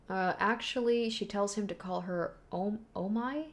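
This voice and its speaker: A woman hosting a casual read-and-react video, chatting and giggling as she goes. Her voice sits at an ordinary middle pitch. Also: unhurried, few pauses. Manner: chatty and giggly, laughs often. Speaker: manga read-and-react host.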